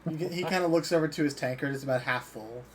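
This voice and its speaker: A man's voice: fairly high pitch, fast, crowd noise. A man narrating as game master in a tabletop role-playing game, easygoing and describing scenes with small fillers.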